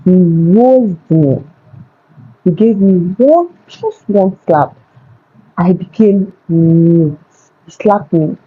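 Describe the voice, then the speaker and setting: A woman vlogger recounts a dramatic story in a casual storytime, speaking slowly in a lowish voice with a breathy edge. Recorded on a phone, the audio sounds narrow and tinny, and she retells it with animation, repeating words for emphasis.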